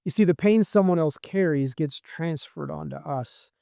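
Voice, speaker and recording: Male pastor preaching, kinda high voice, dry close sound, lots of pauses. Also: creaky, mellow, no room sound. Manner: slow, measured delivery with frequent pauses. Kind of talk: sermon.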